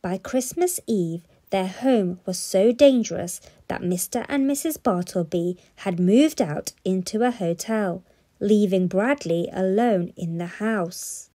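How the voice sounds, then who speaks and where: A woman reading a children's storybook aloud in an expressive, playful way. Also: medium pitch, measured pace.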